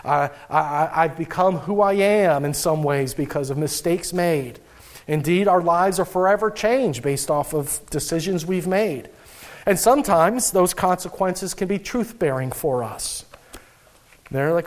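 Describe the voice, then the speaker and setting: A man's voice: on the high side, a little slow. Conversational male pastor preaching. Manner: conversational, acting out inner voices, frequent "uh" restarts. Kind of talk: sermon.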